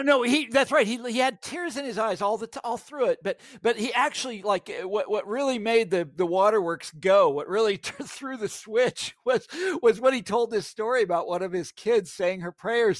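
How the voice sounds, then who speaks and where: A man's voice: high voice, moderate pace, dry recording, clean studio sound. A middle-aged American man, a guest writer, talking in a casual podcast interview and rambling with many restarts. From United States. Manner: rambling, restarts often, chuckles at his own stories.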